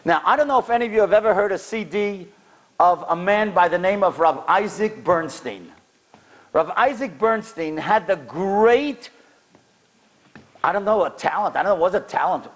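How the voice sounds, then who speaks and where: Animated high-voiced rabbi telling stories. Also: male voice, normal speed. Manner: animated, acts out the people in his stories with big jumps in pitch and loudness. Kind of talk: sermon storytelling.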